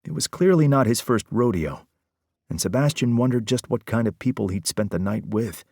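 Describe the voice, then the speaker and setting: A man narrating an audiobook in a measured storytelling manner. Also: mid-range voice, lively intonation, vocal fry, darkish tone, dry recording, studio quality. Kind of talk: scripted narration.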